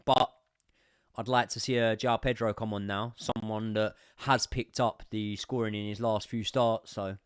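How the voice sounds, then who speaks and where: A young man giving sweary live commentary as a football fan on a watchalong stream, swinging from muttering to shouting. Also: fairly low pitch, fairly even intonation, normal speed, clean tone, no room sound, clean studio sound.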